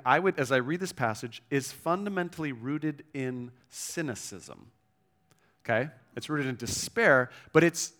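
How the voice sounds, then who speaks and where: A pastor preaching a sermon in a conversational way, checking in with the listeners and reading scripture aloud with emphasis. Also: male voice, fairly high pitch, fairly bright tone. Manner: conversational preaching with frequent "right?" and "okay?" check-ins.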